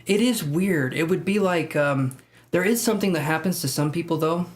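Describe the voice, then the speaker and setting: Chatty higher-voiced man streaming live. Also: moderate pace. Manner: chatty, jokey, laughs often. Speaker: tarot livestream host. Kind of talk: casual livestream chat, reading viewer comments.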